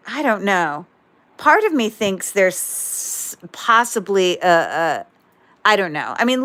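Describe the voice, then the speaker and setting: A woman's voice: mid-range voice, fairly bright tone, smooth. Chatty woman hosting a jewelry livestream. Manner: chatty, rambling, self-interrupting, tells corny puns. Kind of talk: casual livestream chat.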